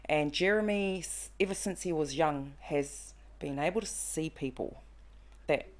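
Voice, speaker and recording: Low-voiced woman telling a story. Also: unhurried. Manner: animated storyteller, acts out quotes. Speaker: podcast guest. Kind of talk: casual conversation, storytelling.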